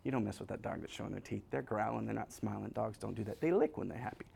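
This pastor talks fast in a lowish voice with vocal fry and a breathy edge. His sermon is humorous and chatty, full of acted-out scenes, and he speaks straight to the people in the pews.

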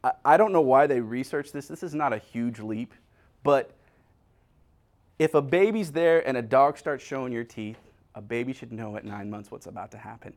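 A male pastor with a medium-pitched voice speaks at a moderate pace, delivering a funny, conversational sermon. He's an animated storyteller who acts out little scenes and addresses his congregation directly.

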